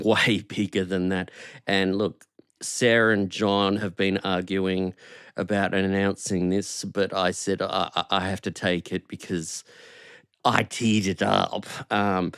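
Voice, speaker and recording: A man co-hosting a comedy podcast, unhurried and deadpan, and often chuckling at his own lines. His voice is low-ish and smooth. He talks very slowly and the sound is dry. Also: no echo. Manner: slow, deadpan, chuckling to himself. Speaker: podcast co-host. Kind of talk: casual comedic chat.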